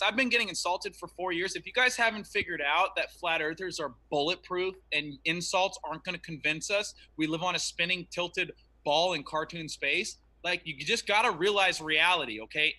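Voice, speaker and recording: A man's voice: high-pitched, sharp tone, rough recording. A man in an online debate, talking in an emphatic, preachy way over a remote call.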